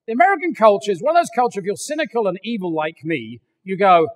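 An older English man preaching a sermon, animated and joking, acting out little voices as he goes. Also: high voice, quick pace, big-room sound. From England. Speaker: pastor. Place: large church hall.

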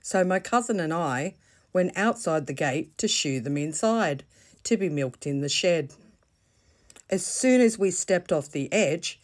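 A woman with an Australian accent reads a children's bedtime story in a low voice. She takes her time, pausing gently between phrases. Her tone stays soft and deliberate throughout. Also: animated. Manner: slow, gentle, deliberate reading.

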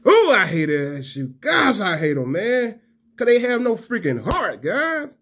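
A man's voice: high voice, wildly swooping pitch, unhurried, a bit bright, a little hiss or hum. A man giving a fired-up, profane fan rant to camera. He trash-talks and repeats himself. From Alabama fan. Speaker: college football vlogger.

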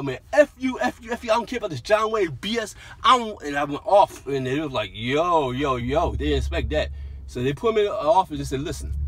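A man around sixty telling a story from his past in a loose, animated way, acting out shouting drill sergeants. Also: medium pitch, husky, rough recording. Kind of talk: storytelling monologue.

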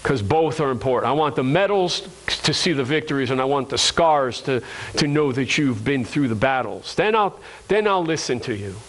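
A man's voice: medium pitch, lively intonation, normal speed, low-quality recording. A male pastor preaching a sermon to his congregation, earnest and repeating phrases for emphasis, calling listeners friends.

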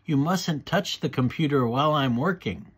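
A man's voice: fairly high pitch, normal speed, breathy edge. A man voicing a firm, patient mother pig in a read-aloud storybook.

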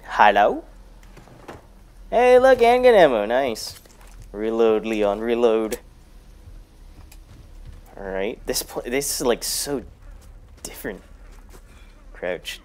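A man in his own voice talks through a horror game, half under his breath, swearing and joking at the screen. His pitch sits at an ordinary middle, and it jumps sharply when something startles him. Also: very animated, slow pace, long pauses. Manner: mutters quietly, bursts into loud startled shouts; profane, jokey self-talk to the game. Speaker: gaming YouTuber. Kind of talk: casual let's-play commentary.

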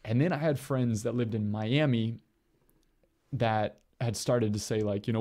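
A young man, a priest, telling his conversion story in an earnest, halting way with many fillers. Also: medium pitch, fairly even intonation, dark tone. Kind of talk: personal testimony.

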